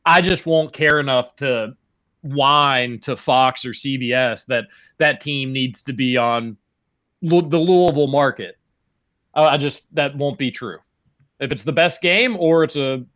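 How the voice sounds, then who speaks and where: A man co-hosting a sports talk show, speaking in a loose, rambling way with a wry edge. His voice has a bright, forward ring at an ordinary middle pitch. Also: measured pace. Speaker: podcast co-host. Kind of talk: casual sports chat.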